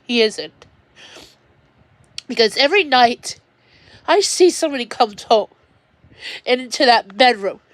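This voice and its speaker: A woman's voice: a little high, no echo. A woman livestreaming from home, talking in a rambling, upset way and often restarting her sentences. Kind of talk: emotional personal livestream monologue.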